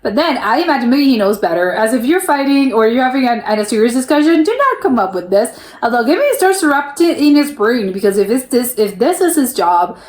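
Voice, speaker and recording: A young American woman gives casual reaction commentary, chatting loosely with frequent restarts and bits of laughter. Her voice is a little higher than average, and the room around her rings with echo. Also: big pitch swings, brisk, hardly any pauses. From United States. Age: young adult. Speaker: reaction video host. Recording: roomy echo.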